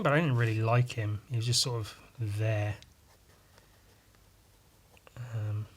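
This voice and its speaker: Speaking in a mid-range voice with a touch of brightness, a male podcast host wanders through a loose, casual monologue. It's full of profanity and tangents.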